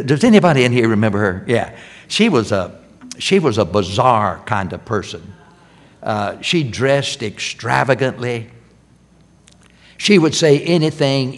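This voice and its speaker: An older man delivers a sermon in a church at an unhurried, deliberate pace. His voice sits in a middle pitch, and he leans on repeated phrases, rising to loud emphasis and then dropping to a hush. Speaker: preacher. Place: church sanctuary.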